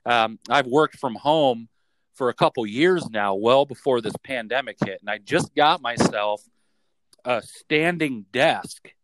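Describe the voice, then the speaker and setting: A young man hosting a casual podcast from his bedroom office, joking and reading lists rapid-fire. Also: medium pitch, background noise. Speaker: podcast host.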